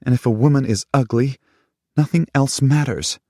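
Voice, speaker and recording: A man reading an audiobook, voicing a furious young woman with a sharp, accusing, high-pitched delivery. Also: big pitch swings, takes it slowly, slightly rough, no echo, clean studio sound, heavily acted. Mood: angry. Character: furious young woman, time-displaced lover. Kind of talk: audiobook character voice.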